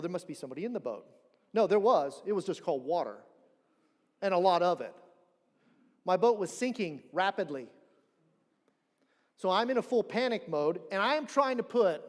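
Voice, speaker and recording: A man preaching a sermon as pastor, telling a story in an animated way and acting out the people he quotes. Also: high voice. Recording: long church hall reverb.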